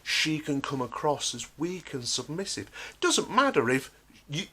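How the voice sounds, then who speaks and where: A man's voice: fairly high pitch, sharp tone. A man delivering an emphatic, sarcastic ranting monologue. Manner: emphatic, sarcastic, acts out quotes. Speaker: vlogger.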